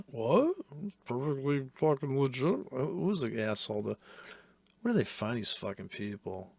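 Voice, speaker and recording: A man's voice: mid-range voice, sing-song, unhurried, vocal fry, fairly bright tone, no room sound. A man giving casual, profane and sarcastic commentary while trading live.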